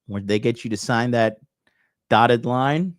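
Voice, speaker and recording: A man hosting a reaction commentary show, talking in a slangy, animated way with lots of swearing and laughing. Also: mid-range voice, measured pace, clean tone, no echo, clean studio sound. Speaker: dating commentary host.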